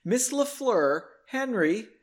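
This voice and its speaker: Man voicing a polite young male aide, quiet, courteous, lively pitch. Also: slow pace, exaggerated voice.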